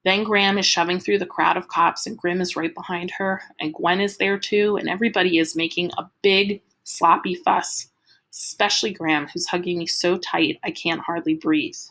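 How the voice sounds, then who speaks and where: Brief: woman audiobook narrator, bright, clear tone, dramatic first-person reading. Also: on the low side, steady tone, normal speed, low-quality recording. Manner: vivid, dramatic storytelling. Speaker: audiobook reader.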